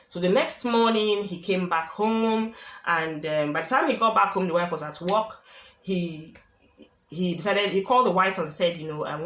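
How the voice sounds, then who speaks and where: A woman's voice: lowish voice, normal speed, fairly bright tone, a little hiss or hum. A woman narrating a true-life story in a casual way, often repeating phrases for emphasis. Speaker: storyteller, channel host. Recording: echoey room.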